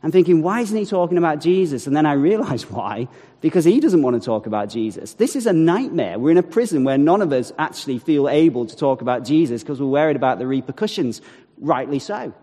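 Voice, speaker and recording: A man with a somewhat high voice tells a personal faith story to an audience. He is animated and acts out quotes, with wry asides. His voice rings with the long reverb of a large hall. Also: brisk. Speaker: speaker telling a testimony. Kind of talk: storytelling talk.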